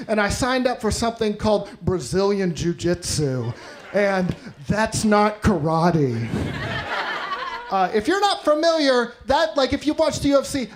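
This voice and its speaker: A man doing a stand-up comedy set in a club, telling wry, self-deprecating stories into a handheld mic, recorded live. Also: high voice. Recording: noisy live stage recording.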